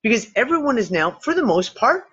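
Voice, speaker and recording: A man hosting a discussion show, thinking out loud in loose, rambling speech with casual swearing and frequent restarts. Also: very high-pitched, big pitch swings, fairly quick, husky. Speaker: podcast host. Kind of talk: casual speculative talk. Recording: dull lo-fi recording.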